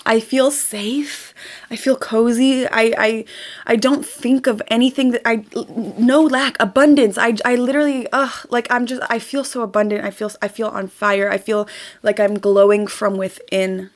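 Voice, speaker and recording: A young woman in casual, emphatic motivational talk, repeating words and dropping to a soft whisper while guiding a ritual. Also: a little high, fairly even intonation, normal speed. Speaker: spiritual vlogger.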